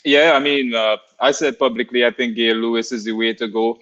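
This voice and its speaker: A man joining a podcast discussion as a guest, talking in an easygoing, measured way with plenty of fillers. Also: mid-range voice, fairly even intonation, fairly bright tone. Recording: dull lo-fi audio.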